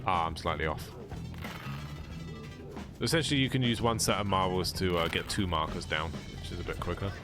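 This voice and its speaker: A man's voice: low-pitched, brisk, pauses often. A young man with a British accent giving laid-back, joking commentary on a speedrun, explaining tricks as he plays. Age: young adult. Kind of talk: casual live-stream commentary. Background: game music.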